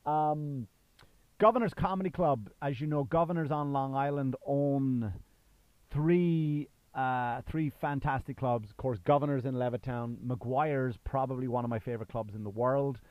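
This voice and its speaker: A man's voice: medium pitch, moderate pace, dry recording, lo-fi sound. A man in his thirties with a faded Irish accent, a comedian hosting his own podcast, talking casually and rambling with many fillers and restarts. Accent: Irish, worn down by years in the US. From Ireland. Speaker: podcast host and stand-up comedian. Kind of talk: casual solo podcast monologue.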